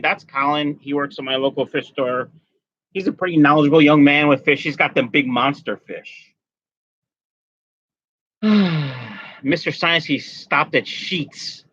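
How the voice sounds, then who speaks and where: A man with a slightly high, bright, forceful voice hosts a casual fish-keeping live stream while suffering a migraine. He chats loosely, reads comments, and greets viewers by name. The recording is muffled, with no room sound.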